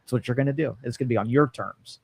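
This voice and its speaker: A man's voice: mid-range voice, quick pace, vocal fry, darkish tone, slightly rough. An American man co-hosting a call-in talk show, teasing his co-host in a wry, joking way. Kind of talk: casual talk show chat.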